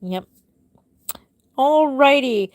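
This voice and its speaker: A woman's voice: expressive, extremely slow, dry recording. Middle-aged lady chatting on a live stream at home, answers viewers one by one, dry close sound. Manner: chatty, answers viewers one by one, drifts soft and low at the ends of thoughts. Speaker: reborn doll artist hosting a live stream. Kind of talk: casual live-stream chat reading viewer comments. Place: home room with the dolls.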